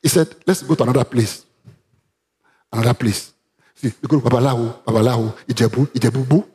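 A man with a Nigerian accent preaching a sermon, reading Bible verses aloud and breaking into sudden loud, animated rises. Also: mid-range voice, quick pace. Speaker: pastor.

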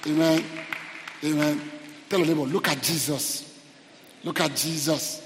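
A man preaching a fervent sermon in a church auditorium, calling out to the congregation and rising to shouted peaks. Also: a little high, fairly even intonation, measured pace, big-room sound, a little hiss or hum. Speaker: pastor.

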